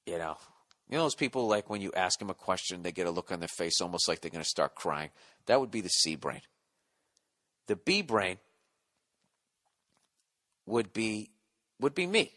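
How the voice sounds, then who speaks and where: A man's voice: sits low, sing-song, normal speed, pauses often, a bit bright. Profane, sarcastic male podcast host. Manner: profane, sarcastic, self-mocking rants. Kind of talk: rambling solo podcast, reading listener mail.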